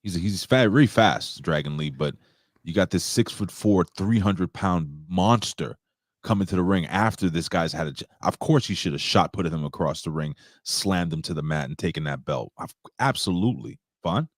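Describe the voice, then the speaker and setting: A man's voice: sits low, expressive, normal speed, no room sound, clean studio sound. A man hosting a wrestling podcast, blunt and emphatic, often repeating his points. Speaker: podcast host. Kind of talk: casual podcast chat.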